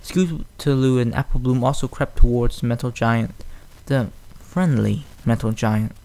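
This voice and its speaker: Guy reading a fan story out loud, plain, restarts lines sometimes. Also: mid-range voice, measured pace. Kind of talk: fan audiobook narration.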